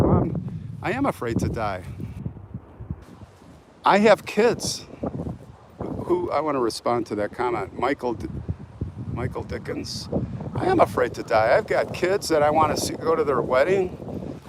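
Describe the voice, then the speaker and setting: A man's voice: a little high, animated, moderate pace. Guy rambling on a live stream while walking around outside, phone mic, lots of wind noise in the background. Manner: talkative, reads viewer comments aloud and answers them. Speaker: vlogger hosting a live stream. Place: outdoors in a sunny cemetery. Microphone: phone held while walking.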